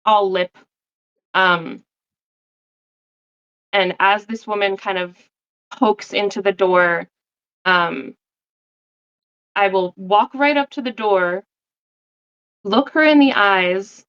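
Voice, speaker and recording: Slow, gravelly woman describing her character. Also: mid-range voice, fairly bright tone. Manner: slow, hesitant, filler-heavy. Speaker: player. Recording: dull lo-fi mic.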